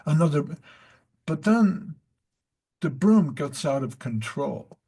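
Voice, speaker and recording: A man teaches a devotional study class in an unhurried spiritual talk, telling stories in a rambling way full of fillers and asides. His medium-pitched voice is slow, husky, and darkish in tone.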